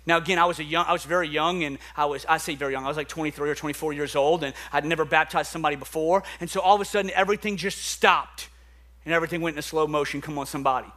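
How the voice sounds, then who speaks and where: A man's voice: a little high, steady tone, racing, bright, forceful tone. A young man preaching an earnest, emphatic sermon to a church congregation, often repeating words as he builds up. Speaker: pastor. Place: church sanctuary.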